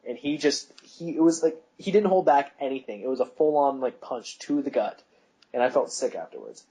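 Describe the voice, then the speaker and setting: A man's voice: mid-range voice, lively intonation, fairly quick, dark tone, breathy edge, rough recording. A young man co-hosting a podcast, rambling through school stories and laughing at his own anecdotes, with a voice that cracks. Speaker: podcast co-host. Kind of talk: casual chat.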